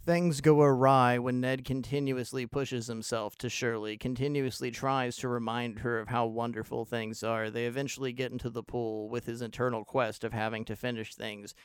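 A man's voice: medium pitch, little pitch movement, normal speed, few pauses, clean tone, dry recording, clean studio sound. A man giving an intense, analytical and sometimes profane monologue about a film, in video-essay style. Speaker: film commentator.

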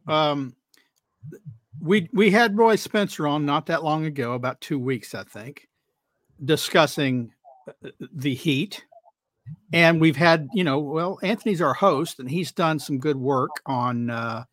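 A man speaking as a panelist, rambling and animated, often restarting his sentences. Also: fairly high pitch, a little slow, no room sound. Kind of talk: panel discussion commentary.

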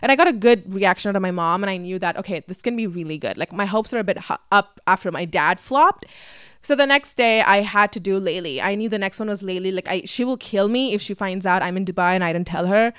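A woman's voice: medium pitch, a bit bright, clear, resonant tone, dry recording, studio quality. Chatty young woman telling a story. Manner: chatty, fast, filler-heavy, swears freely; acts out family members' voices. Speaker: vlogger. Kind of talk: casual storytelling.

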